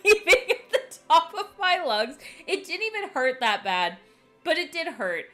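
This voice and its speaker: A young woman streaming live, telling a story in casual chat, animated and profane, laughing often. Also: fairly high pitch.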